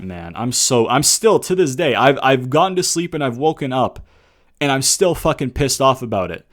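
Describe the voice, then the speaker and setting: A young man delivers a heated, profanity-laced review in a casual ranting tone. His voice sits at an ordinary middle pitch. He peppers his talk with rhetorical questions and addresses the listener as "brother.". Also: expressive, normal speed. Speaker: wrestling reviewer.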